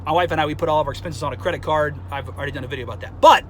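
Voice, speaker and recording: A man vlogging an angry, profane rant, flaring up heatedly and then calming down. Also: a little high, racing, a little hiss or hum, rough recording. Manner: profane, heated ranting that flares up and then calms.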